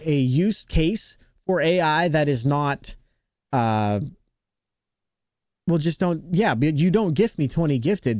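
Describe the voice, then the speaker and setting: A man's voice: a little high, no echo, studio quality. A man streaming live, chatting casually with his viewers, rambling and restarting his sentences as he reads the chat.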